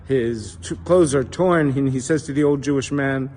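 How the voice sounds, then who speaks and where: A man, a rabbi, telling jokes in a deadpan, punchline-driven way. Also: medium pitch, moderate pace, husky, big-room sound.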